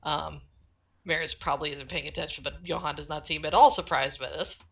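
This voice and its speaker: A woman casually narrating a collaborative role-play, relaxed and full of fillers. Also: low voice, fairly quick, vocal fry. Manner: relaxed, filler-heavy, drifts between quiet and loud. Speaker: tabletop role-play player.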